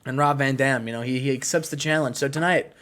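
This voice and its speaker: A man's voice: mid-range voice, fairly even intonation, quick pace, a bit bright. A man narrating a wrestling sim game playthrough for a co-host, acting out the promos in character voices.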